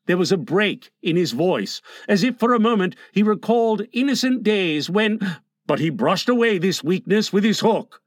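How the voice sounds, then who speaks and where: A man narrating a storybook in an expressive, dramatic reading. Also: sits high, moderate pace, dry recording, studio quality. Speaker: audiobook narrator.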